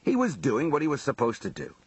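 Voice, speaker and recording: A man's voice: mid-range voice, sing-song, a little fast, slightly rough, no echo. A man voicing a blunt, streetwise mob underboss who recounts his grievances in profane, conversational talk. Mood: scornful.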